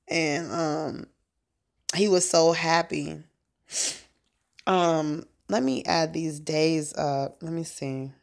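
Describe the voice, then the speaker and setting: A woman's voice: low-pitched, very slow, vocal fry, pauses often. A woman talking casually on a phone livestream as a prayer minister, meandering with lots of fillers and asides.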